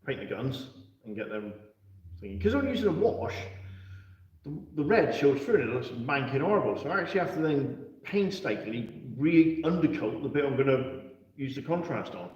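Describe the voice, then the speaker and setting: A man's voice: mid-range voice, darkish tone. A man from England hosting a live stream about tabletop wargaming, chatting casually and laughing often. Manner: chatty storyteller, laughs a lot. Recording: echoey, distant, dull live-stream audio.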